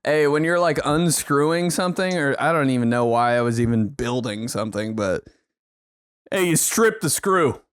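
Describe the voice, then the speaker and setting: A young man co-hosting a casual comedic podcast, telling animated stories and acting out his dad in raised bursts. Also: mid-range voice, moderate pace, smooth, no echo, clean studio sound. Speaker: podcast co-host.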